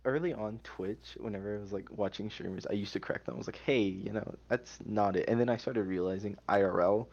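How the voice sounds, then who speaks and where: Laid-back young man, low dull-sounding voice. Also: fast talker, hardly any pauses, darkish tone. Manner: laid-back, rambling, many "like"s and restarts. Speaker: interview guest, poet. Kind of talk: casual chat.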